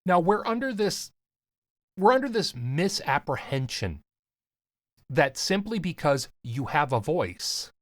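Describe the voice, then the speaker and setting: A man with a slight lisp, coaching on voiceover in an earnest, emphatic talk to camera with deliberate pauses. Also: fairly high pitch, big pitch swings, no room sound, studio quality. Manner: casual, swears lightly. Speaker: voiceover coach and podcast host.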